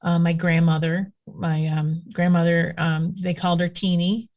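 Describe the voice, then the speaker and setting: On a muffled recording, a witchcraft practitioner guesting in a casual chat tells animated, meandering stories packed with fillers. Her voice is on the low side, and she keeps a moderate pace.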